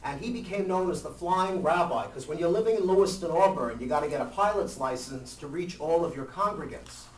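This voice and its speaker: Lively high-voiced man telling a story. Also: a little fast, hardly any pauses, a little hiss or hum. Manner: lively, jokey, acts out voices and shouts. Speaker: storyteller teaching a group. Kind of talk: casual storytelling to a live group. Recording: echoey room, mic at a distance.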